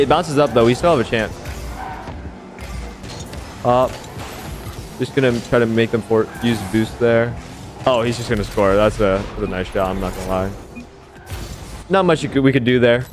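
Young male gamer, mid-pitch, hyped play-by-play with jumpy highs, beat music underneath. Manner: excitable, swears, self-mocking, voice leaps up high when hyped. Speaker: gaming YouTuber. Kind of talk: live gameplay commentary. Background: background beat music.

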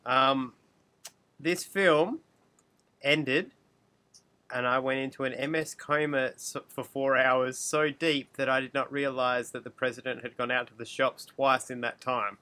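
A man's voice: mid-range voice, steady tone, measured pace, bright, forceful tone. A man co-hosting a film podcast, making dry wisecracks. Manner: dry, wry humor. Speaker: podcast co-host. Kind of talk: casual film review chat.

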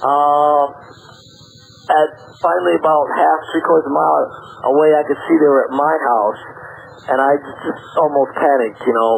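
Gravelly man recounting a story on radio. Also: on the high side, moderate pace, a little hiss or hum, rough recording. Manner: plain-spoken, acts out quoted dialogue with rising excitement. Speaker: interview guest. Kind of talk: phone-in radio interview, storytelling.

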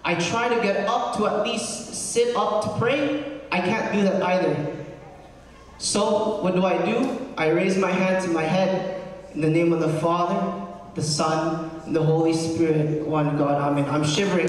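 Young guy deacon preaching, high voice, telling his story all earnest, big echoey church heard from far off. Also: fairly even intonation, measured pace, a little hiss or hum. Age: young adult. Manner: earnest storytelling, addresses the congregation with "right?". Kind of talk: personal testimony sermon. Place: large cathedral. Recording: echoey cathedral hall from far off.

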